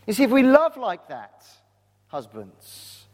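A man's voice: very high-pitched, huge pitch swings, takes it slowly. A man preaching a sermon, speaking earnestly and putting direct questions to his congregation. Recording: long reverb of a large hall.

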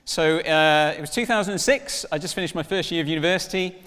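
A man in his thirties preaching a sermon, telling stories with lively acted-out dialogue. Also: on the high side, quick pace, clear, resonant tone, long reverb tail. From Wales. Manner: animated storytelling, acts out dialogue in voices.

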